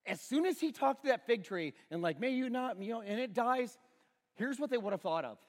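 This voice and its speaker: Middle-aged pastor guy preaching, higher voice, joking about himself, long church echo. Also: a little fast. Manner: storytelling, self-deprecating humor, animated. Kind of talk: sermon. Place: church auditorium.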